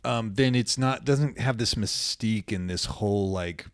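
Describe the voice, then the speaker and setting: A man's voice: fairly low pitch, moderate pace, clear, resonant tone, no echo, studio quality. A man co-hosting a faith and psychology podcast, a therapist who chats casually, jokes and rambles. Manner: joking, rambling with restarts. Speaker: podcast co-host, marriage and family therapist.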